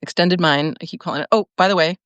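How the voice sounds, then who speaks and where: A woman's voice: lowish voice, fast, no room sound, lo-fi sound. Rambling, laughing woman host, dry sound. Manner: rambling stream of consciousness with frequent laughs; many restarts and fillers. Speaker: podcast host. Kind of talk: casual livestream monologue.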